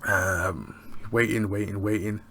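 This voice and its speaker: A man giving a casual, rambling recap of a TV episode, excitable and often laughing. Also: on the low side, unhurried, slight background noise. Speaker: TV show reviewer.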